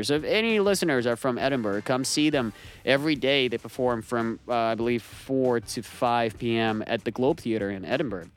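A man's voice: medium pitch, clear, resonant tone. A man hosting a radio talk show and doing stand-up, chatting casually in a rambling, joking way with many fillers.

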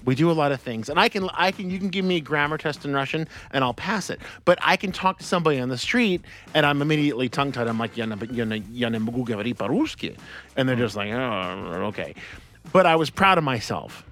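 A man's voice: on the high side, expressive, fast talker, hardly any pauses, a bit bright. An American man hosting a radio show in a studio, talking casually and animatedly with lots of laughs and restarts. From United States. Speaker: radio host. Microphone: studio microphone.

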